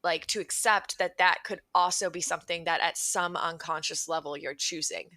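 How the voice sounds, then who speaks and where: A woman's voice: on the low side, fairly even intonation, moderate pace, sharp tone, dry recording. A woman hosting a podcast, responding to her guest in long, thoughtful, affirming sentences. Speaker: podcast host. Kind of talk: interview conversation.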